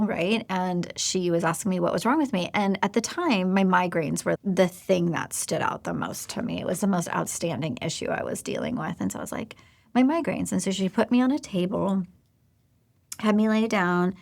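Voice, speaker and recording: A woman's voice: lowish voice, creaky. A woman in her forties hosting a podcast, telling a personal story in a candid, confiding way and speaking straight to the listener. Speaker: podcast host.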